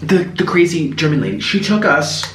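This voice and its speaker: A man hosting a mukbang, telling gossipy stories in an animated way. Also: on the high side, fairly quick. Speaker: host. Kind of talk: casual storytelling during a mukbang. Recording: echoey room with faint noise.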